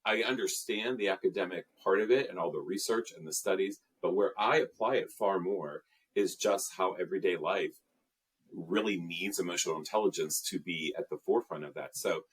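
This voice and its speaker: Speaking briskly in a low, slightly rough voice, a man who trains people in emotional intelligence discusses his work during an interview. He's sincere and thoughtful, leaning heavily on fillers.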